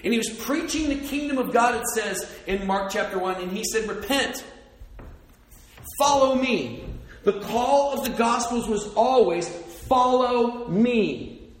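A man preaching a sermon, dropping soft and low for hushed passages and climbing to near-shouts at the peaks. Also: moderate pace, hardly any pauses, roomy sound, rough recording. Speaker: pastor.

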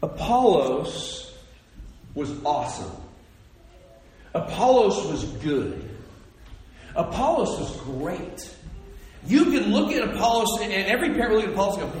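A man preaching a sermon, animated and playful, speaking directly to his listeners. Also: sits high, normal speed. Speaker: pastor. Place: church hall. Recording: echoey hall with faint room noise.

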